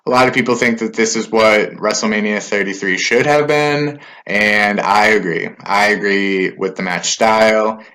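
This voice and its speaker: A man's voice: lowish voice, pushed and bright. A man giving a casual spoken recap of a wrestling show, loose and conversational with filler words and asides.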